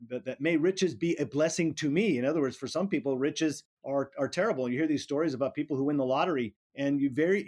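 A man's voice: medium pitch, darkish tone. A middle-aged man, a politics professor, talking through ideas in an interview, often restarting and repeating words as he thinks. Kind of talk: academic interview conversation.

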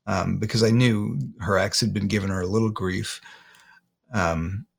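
Low gravelly man telling a hard story. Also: fairly even intonation. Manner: halting, repeats words, emotional retelling. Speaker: interview guest. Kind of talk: personal storytelling in an interview.

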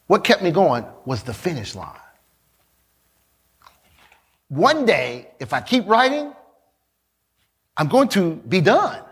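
High, animated preaching man. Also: breathy edge. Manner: preaching, rising to shouts, with quick asides to the congregation. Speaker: pastor. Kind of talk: sermon.

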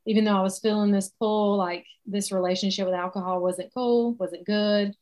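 Middle-aged Southern woman, life coach, warm casual delivery full of "like" and "y'all". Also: medium pitch, steady tone, a little fast, hardly any pauses. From South Carolina, US. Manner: casual, chatty, faith-centered, uses "like" and "y'all". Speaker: alcohol-free coach. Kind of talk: online coaching session.

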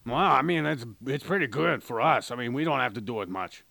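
Gravelly guy rambling on a podcast, dry close mic, cracking crude jokes. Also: mid-range voice, lively intonation, a little fast, bright, forceful tone, dry recording. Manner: rambling, joking, mock-advertiser voice. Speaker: podcast co-host. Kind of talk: crude comedic podcast banter.

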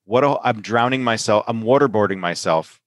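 A man's voice: on the low side, brisk, no room sound. A man hosting a casual podcast chat, run down with a sinus infection, talking loosely, often asking "right?" and laughing. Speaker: podcast host and pharmacist.

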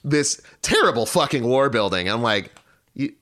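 A young man with a low, bright voice that swings widely in pitch co-hosts a casual anime review podcast. He is sarcastic, laughs often and swears. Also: expressive, moderate pace. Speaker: podcast co-host.

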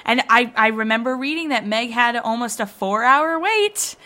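An enthusiastic woman asks questions in a casual chat, quick to laugh. Her voice is high and bright. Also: lively intonation. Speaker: interviewer.

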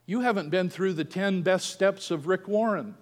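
A man's voice: high-pitched, normal speed, big-room sound. A man preaching a sermon, telling a family story and acting out the quoted voices. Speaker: pastor.

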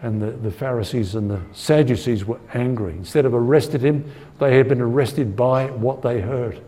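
A man's voice: mid-range voice, moderate pace, dark tone. Man preaching a Bible study in a reverberant hall. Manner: earnest, asks the audience for agreement, repeats words while thinking. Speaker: Bible teacher. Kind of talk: conversational Bible-study sermon.

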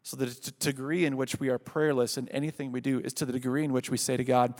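A man preaching a sermon, earnest and building to loud calls, then leading a prayer. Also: mid-range voice, little pitch movement, quick pace. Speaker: pastor. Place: church sanctuary. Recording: reverberant hall.

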